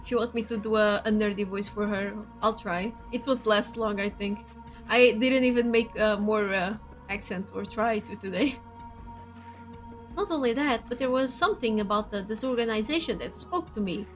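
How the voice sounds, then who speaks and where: A woman's voice: medium pitch, moderate pace, soft background music. A woman streamer, Portuguese her first language, reading a visual novel aloud and chatting with viewers in a chatty, giggly way. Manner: chatty, giggly, switches between reading and asides.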